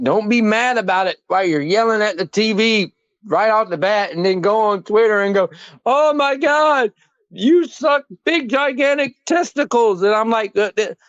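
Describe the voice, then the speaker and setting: A man, co-hosting a casual sports podcast, telling animated, profane stories and quoting himself. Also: sits high, no room sound. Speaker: podcast co-host. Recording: dull, dry lo-fi sound.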